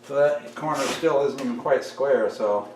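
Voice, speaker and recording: A man's voice: medium pitch, moderate pace. A man talking casually to the camera as he builds in his workshop, half muttering to himself as he works. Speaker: DIY workshop host. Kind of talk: casual talk while working. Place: workshop, indoors. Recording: echoey workshop, far mic, tool noise.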